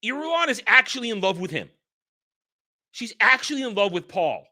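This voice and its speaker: A man hosting a casual film discussion, animated and profane, rambling through his points. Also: high voice, a little fast. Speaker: podcast host.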